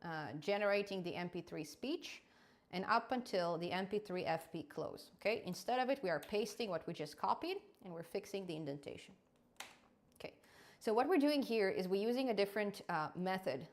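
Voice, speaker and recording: A woman walks through code in a programming tutorial. Her pitch sits in the middle range, and she keeps checking in with a quick "okay?". Her explanations come with plenty of small fillers. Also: expressive. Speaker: coding tutorial host. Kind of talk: screen-recorded programming lesson.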